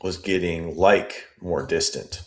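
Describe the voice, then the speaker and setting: A man analyzing an interview transcript, reading lines aloud and musing over them deliberately. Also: sits low. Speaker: statement analyst.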